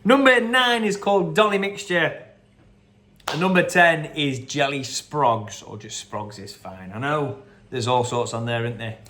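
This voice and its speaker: A man's voice: a little high, lively intonation, pushed and bright, slight background noise. A man hosting a quiz, going over the answers in a chatty, rambling way with lots of fillers. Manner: chatty and rambling, with fillers and quick quote impressions. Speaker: quiz host. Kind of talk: casual quiz answer run-through.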